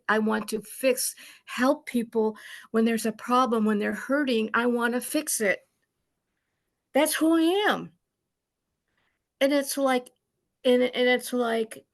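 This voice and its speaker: A woman on a video call sharing a personal story with an online study group, halting and full of restarts, acting out remembered scoldings. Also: a little high, creaky.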